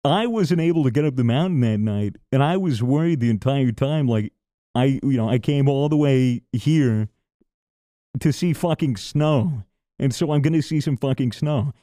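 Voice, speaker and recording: Male podcast co-host, mid pitch, mellow, casual and sweary. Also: normal speed, dry recording, clean studio sound. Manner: chimes in, jokey, swears. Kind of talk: casual chat.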